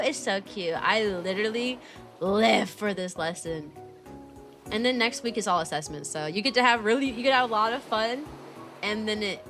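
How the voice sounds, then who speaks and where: A young woman chatting casually on a livestream, bubbly and animated, laughing often as she reads viewer messages aloud. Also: mid-range voice, moderate pace, soft background music. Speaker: VTuber streamer and kindergarten teacher.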